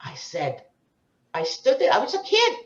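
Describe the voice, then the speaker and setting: A woman's voice: high voice, wildly swooping pitch, measured pace. Older brooklyn lady doing brash dirty stand-up, echoey room, kinda muffled sound. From Brooklyn, New York. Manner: brash, bawdy storytelling with Yiddish slang. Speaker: comedian at an open mic. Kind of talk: stand-up comedy set.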